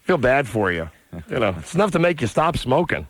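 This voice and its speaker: A man hosting a radio show, telling stories in an animated way, acting out voices and reading a listener's letter aloud. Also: mid-range voice, brisk, no echo. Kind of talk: morning radio banter and storytelling.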